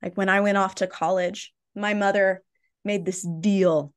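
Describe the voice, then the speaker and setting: A young adult woman speaks as a podcast guest, open and animated as she recounts her story. Her voice sits at an everyday middle pitch. She keeps checking in with "right?" and filling with "like". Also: measured pace, clean tone. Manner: animated, tags points with "right?" and "like". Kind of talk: candid storytelling in a podcast conversation.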